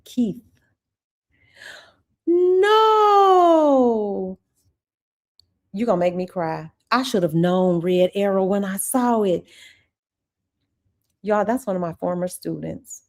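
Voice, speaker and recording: A woman's voice: on the low side, moderate pace, a little mellow. A woman, a former teacher, hosting a casual livestream chat with her viewers, effusive and chatty. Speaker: channel host.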